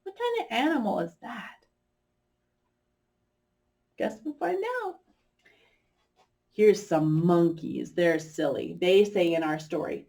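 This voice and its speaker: A woman's voice: fairly low pitch, lively intonation, slow pace, pauses often, darkish tone. A woman teaching a kindergarten music lesson, leading children through animal sounds for a story.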